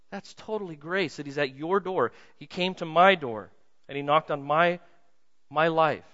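Male pastor, sermon, pleading delivery, hushed then loud, muffled sound. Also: fairly high pitch, normal speed. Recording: muffled sound with long hall reverb.

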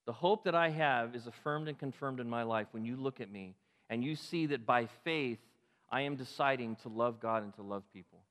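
Impassioned pastor preaching in a reverberant hall. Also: male voice, mid-range voice, normal speed. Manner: impassioned, rising to emphatic peaks and dropping to quiet asides. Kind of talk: sermon. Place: church sanctuary.

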